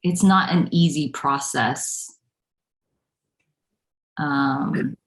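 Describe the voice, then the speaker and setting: A woman hosting a spiritual meeting, speaking in a gentle, reflective way over a video call. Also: low-pitched, fairly even intonation, very slow, pauses often. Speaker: non-duality teacher, host. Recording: roomy echo.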